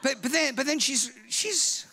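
A man preaching a sermon as a pastor, telling humorous stories with lively energy and now and then breaking into shouts. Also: very high voice, measured pace, slight background noise. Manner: animated humorous storytelling, bursts into shouting.

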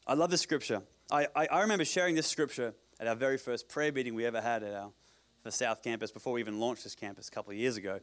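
A man's voice: medium pitch, fast talker, a bit bright. A man from Australia with an Australian accent, preaching a sermon in a joking, conversational way, with digressions and repeated words. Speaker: pastor.

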